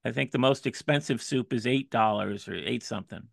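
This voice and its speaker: A man's voice: medium pitch, brisk, creaky, dry recording, clean studio sound. A man co-hosting a podcast in casual chat, talking hesitantly with frequent stammers. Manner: hesitant, stammering, laughs often. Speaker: podcast co-host. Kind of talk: casual food-review chat.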